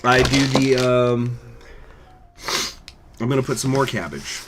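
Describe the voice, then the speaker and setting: A man's voice: mid-range voice, measured pace, background noise. A man hosting a gaming channel, chatting casually and rambling to his viewers in an offhand, profane way. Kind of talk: casual chat to live viewers.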